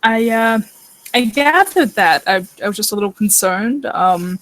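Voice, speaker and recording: A woman's voice: medium pitch, lively intonation, unhurried, a bit bright, rough recording. A woman playing her character in a tabletop game, speaking hesitantly and sounding worried. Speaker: player.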